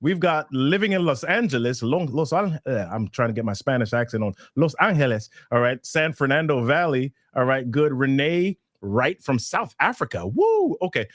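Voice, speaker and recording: A man hosts a live online show with a lot of hype, reading viewer names and places off the chat with excitement. His voice sits in an ordinary middle register. The sound is dry and close to the mic, with no room around it. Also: medium pitch, moderate pace, hardly any pauses, no room sound. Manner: hyped, upbeat, reads out viewer names. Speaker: webinar host. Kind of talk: energetic live-stream hosting.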